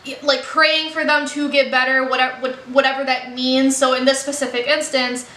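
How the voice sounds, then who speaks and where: A young woman gives a chatty, earnest film review, her voice high and bright. She fills her talk with casual fillers, and the recording has a noticeable roomy echo. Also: little pitch movement, a little fast. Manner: chatty, earnest, many "like" and "you know" fillers. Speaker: movie reaction vlogger.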